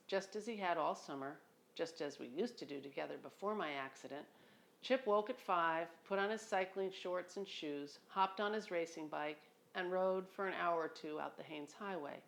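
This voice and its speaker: A woman reads her memoir aloud at home in a fairly low voice. Her telling is reflective and conversational, with a dry humor running through it. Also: gravelly. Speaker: memoir narrator. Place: home near a beach.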